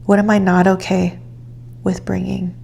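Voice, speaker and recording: A woman giving a calm, reflective tarot reading, guiding the listener gently. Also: medium pitch, unhurried, vocal fry, husky. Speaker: tarot reader.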